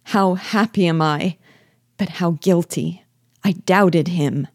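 A woman's voice: lowish voice, unhurried, warm tone, dry recording, clean studio sound. A woman reading aloud voices a young husband, speaking his lines in an earnest, impassioned way. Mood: remorseful. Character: young husband, ardent and remorseful.

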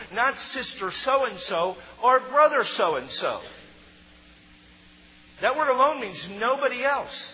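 Emphatic preacher, reverberant hall. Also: male voice, high voice. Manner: emphatic, rising to loud stresses on key words. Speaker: pastor. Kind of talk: sermon. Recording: muffled sound in a reverberant hall.

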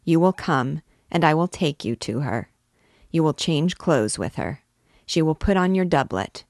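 A woman's voice: lively intonation, darkish tone, dry recording, clean studio sound. A woman reading aloud and voicing a brooding, stern male archdeacon, grave and commanding. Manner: grave, commanding, low and measured, erupting in anger. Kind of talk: audiobook character reading.

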